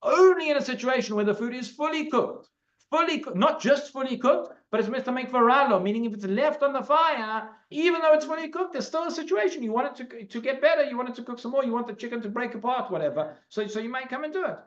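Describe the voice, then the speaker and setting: A man as a rabbi teaching a class in a synagogue, explaining in an animated way and restarting his sentences often. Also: very high voice, quick pace. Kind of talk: Talmud class, explaining and debating. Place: synagogue hall. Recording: lo-fi recording.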